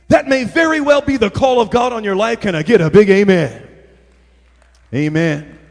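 A middle-aged pastor preaches with a fairly high voice, spinning lively stories and pulling the crowd in with call-and-response. His voice rings out with a long reverb, as if it fills a big church hall. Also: unhurried, gravelly, long pauses. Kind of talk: sermon. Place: church sanctuary.

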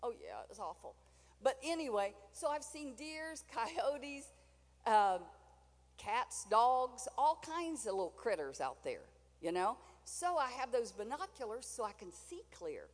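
A woman's voice: a little high, very animated, measured pace, long reverb tail. An older woman preaching a sermon in a chatty, folksy way, with asides to the congregation.

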